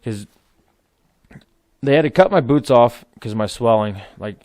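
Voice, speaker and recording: A man's voice: medium pitch, lively intonation, normal speed, darkish tone, dry recording, clean studio sound. A man in his thirties telling war stories in casual podcast chat, rambling, laughing and swearing freely. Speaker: podcast guest, military veteran. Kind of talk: casual storytelling.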